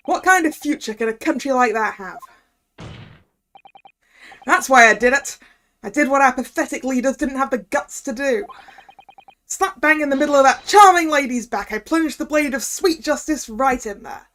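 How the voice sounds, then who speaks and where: A woman's voice: high voice, moderate pace, a bit bright, pitched above the performer's own voice. Woman doing a swaggering Cockney newsman. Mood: boastful. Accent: Cockney, put on. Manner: swaggering, self-righteous. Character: boastful male Cockney journalist with self-righteous zeal.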